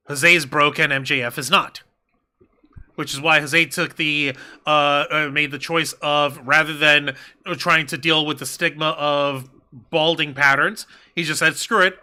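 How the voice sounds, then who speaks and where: A man co-hosting a loose wrestling review show. His voice is very bright and sharp and sits a little high. He rambles, trips over his words and swears freely. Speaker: podcast co-host. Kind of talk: casual wrestling review chat.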